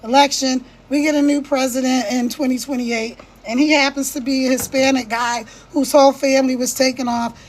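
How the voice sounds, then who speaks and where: A woman's voice: sits high, flat delivery, fairly quick, few pauses. A woman giving an impassioned monologue, checking in with her listeners again and again. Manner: passionate, repeats "right?" to check in with listeners.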